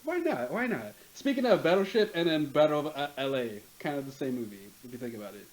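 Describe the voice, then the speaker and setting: A young man co-hosting a casual podcast chat, animated and playfully teasing. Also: medium pitch, fast talker, a little hiss or hum, rough recording. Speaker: podcast co-host.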